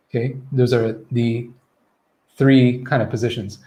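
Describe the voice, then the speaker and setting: A man's voice: medium pitch, fairly even intonation, a little slow, dark tone. A man teaching pronunciation in a live online Q&A lesson, modeling vowel sounds and checking in often with "okay?" and "right?".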